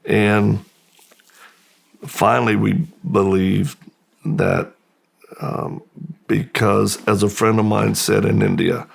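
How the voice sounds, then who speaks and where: A man from the United States, a guest in an interview, slowly and reflectively telling his life story with pauses and restarts. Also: fairly low pitch, little pitch movement, vocal fry, husky.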